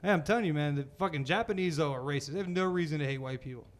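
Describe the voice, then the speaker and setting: A man in casual, profane chat with friends, animated and laughing often. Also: fairly high pitch, rapid-fire.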